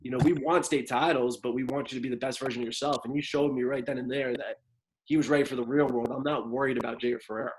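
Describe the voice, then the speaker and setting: A man's voice: mid-range voice, steady tone, quick pace, a little hiss or hum, low-quality recording. A man, a wrestling coach telling a long story in a casual podcast chat, rambling with lots of fillers.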